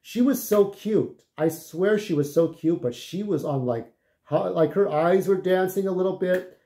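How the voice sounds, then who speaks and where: A man tells casual stories in a rambling, profane way and keeps checking in with the listener. His voice sits a little high for a man. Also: moderate pace, mellow. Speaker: vlogger. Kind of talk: casual storytelling.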